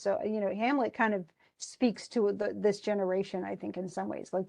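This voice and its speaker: A woman teacher talks her way through a classic play as a relaxed, chatty lesson. Her voice is mellow and warm, sitting at an ordinary middle pitch for a woman. She recasts the old lines in plain everyday speech. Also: brisk, creaky. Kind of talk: casual lesson retelling a play.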